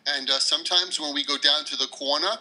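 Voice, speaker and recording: A man's voice: on the high side, fairly even intonation, brisk, bright, forceful tone, poor audio. A man with a New York City accent, a guest English teacher explaining words with friendly examples in a casual interview.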